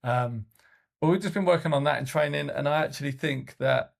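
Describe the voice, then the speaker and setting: Gravelly-voiced coach, casual podcast co-host, loose rambling anecdotes. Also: male voice, a little high, brisk. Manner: rambling storytelling with many fillers and restarts.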